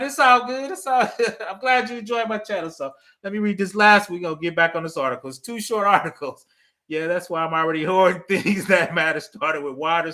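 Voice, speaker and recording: A man's voice: sits high, sharp tone. A middle-aged man hosting a cybersecurity livestream, chatting casually with his viewers, laughing often and checking in with "right?". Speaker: cybersecurity channel host. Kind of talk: casual livestream commentary reading chat.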